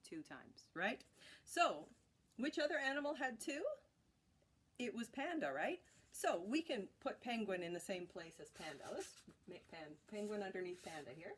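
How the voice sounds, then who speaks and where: A woman's voice: medium pitch, sing-song, moderate pace, breathy edge. A woman teaching a children's music class, chanting rhythm words and cheering on her young learners. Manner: encouraging, sing-song chanting of rhythm words.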